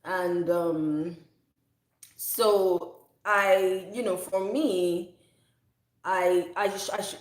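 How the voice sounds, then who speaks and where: A woman in her thirties chats casually as a soap maker in a rather low voice. She rambles and corrects herself mid-sentence, recorded in an echoey room. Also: a little mellow. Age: 30s. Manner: chatty, rambling, self-correcting. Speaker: soap maker, channel host. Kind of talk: casual chat.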